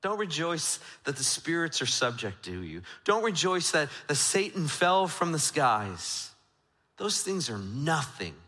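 A man preaching a sermon as pastor, moving between loud emphatic lines and hushed intimate ones. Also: a little high, very animated, measured pace. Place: church sanctuary. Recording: church sanctuary with long reverb.

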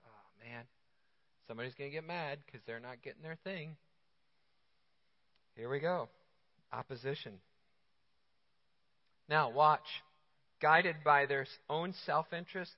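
A man preaching a sermon as a pastor, conversational and joking, full of rhetorical questions. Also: on the high side. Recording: dull lo-fi sound with long hall reverb.

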